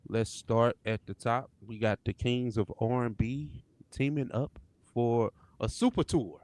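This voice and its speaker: A man's voice: medium pitch, unhurried, a little mellow, dry recording. A man hosting a podcast in casual chat, laid-back and laughing often. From St. Louis area. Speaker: podcast host.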